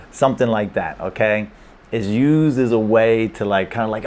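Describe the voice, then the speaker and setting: A man's voice: mid-range voice, moderate pace, darkish tone. A man giving a casual, playful language lesson, checking in with his listeners with frequent "okay?" and "right?". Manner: checks in with frequent 'okay?' and 'right?'; laid-back, playful. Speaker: language teacher.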